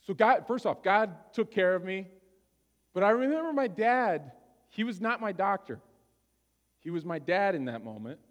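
A man's voice: sits high, lively intonation, normal speed, in a large hall, muffled recording. A male pastor telling a personal story during a sermon, conversational and often checking in with his listeners.

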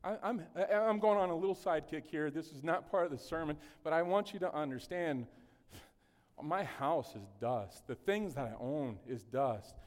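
A male pastor preaching a sermon in an animated, conversational way, with humorous asides. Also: on the high side, moderate pace. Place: church sanctuary. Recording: long hall reverb.

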